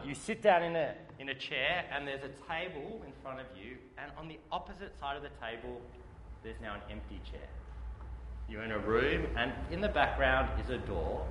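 A man giving a sermon, telling a story in a lively, humorous way. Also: medium pitch, normal speed. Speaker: preacher. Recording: faint background noise.

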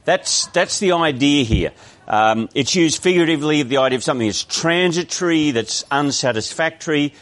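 A man's voice: a little high, expressive, a little fast, fairly bright tone. Conversational Australian male preacher. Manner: conversational, explanatory, with frequent restarts. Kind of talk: sermon.

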